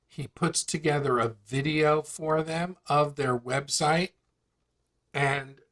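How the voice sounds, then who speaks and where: A man hosting a live call, walking through a software tool with a chatty sales manner and a string of rhetorical questions. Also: fairly high pitch. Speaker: host presenting an online tool demo. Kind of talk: casual live demonstration on a call.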